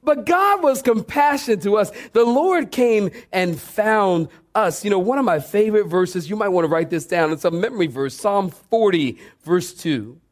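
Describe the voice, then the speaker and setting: A male pastor in full sermon mode, his voice sitting a bit high for a man. He preaches with fervor, dropping low and soft, then climbing sharply as he presses his point, sweating as he goes. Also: animated, moderate pace, few pauses. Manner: preaching with rising fervor and dramatic pitch swings. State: sweating from exertion.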